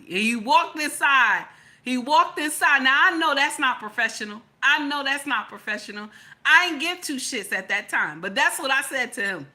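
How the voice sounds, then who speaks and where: Sharp-voiced woman, emphatic and slangy. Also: on the high side, moderate pace. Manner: emphatic, repeats lines for stress; colloquial, slangy. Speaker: commentator. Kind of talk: casual opinion commentary.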